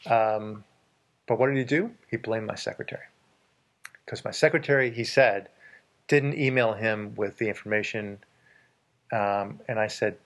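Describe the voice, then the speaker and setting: A man's voice: fairly low pitch, normal speed, long pauses, a bit bright. A man hosting a casual advice chat, emphatic and repeating words for stress as he tells anecdotes from his work.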